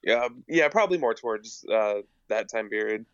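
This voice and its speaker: A man's voice: fairly low pitch, lively intonation, moderate pace, a bit bright, no echo, muffled recording. A man chatting casually as a podcast guest, hesitant and often repeating his words with many fillers. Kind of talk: casual chat.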